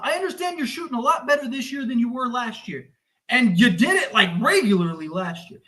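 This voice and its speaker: A man hosting a sports livestream, fuming and exasperated as he rants and recaps the game, sometimes shouting. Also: very high voice, animated, a little fast. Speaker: sports podcast host.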